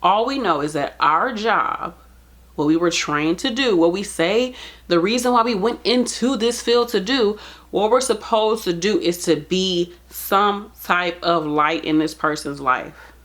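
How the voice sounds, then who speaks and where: A nurse talking straight to camera, earnest and pleading in plain casual speech. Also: female voice, medium pitch, a little slow, fairly bright tone. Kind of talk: heartfelt direct-to-camera talk.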